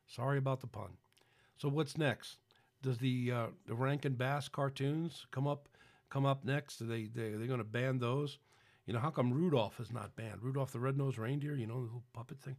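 A man's voice: medium pitch, a little mellow. A man hosting a podcast, rambling through casual Christian commentary with incredulous outbursts. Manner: frequent fillers and restarts. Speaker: podcast host.

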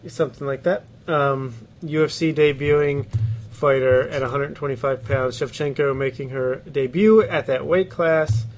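A man's voice: mid-range voice, fairly even intonation, moderate pace, soft background music. A man co-hosting a casual sports podcast, laughing often and giving blunt opinions with casual swearing. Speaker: podcast co-host.

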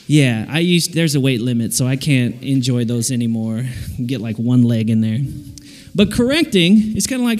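High lively guy preaching, goofy voices, big echoey hall. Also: moderate pace. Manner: animated, jokey, acts out little voices. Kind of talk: lively sermon to a youth audience. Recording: long hall reverb.

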